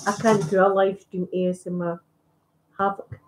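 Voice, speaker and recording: A woman's voice: mid-range voice, level tone, moderate pace, darkish tone. A woman with a Scottish accent chatting casually on a live stream while ironing at home, talking in a rambling, self-deprecating way. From Scotland. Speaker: ASMR YouTuber. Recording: echoey room.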